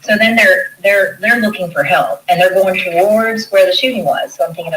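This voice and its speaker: A woman's voice: lowish voice, normal speed, hardly any pauses, fairly bright tone, far from the mic, a little hiss or hum, poor audio. A woman, a nurse, recounting an event in an interview, telling it animatedly and acting out what others said. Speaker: nurse interviewed in a news clip.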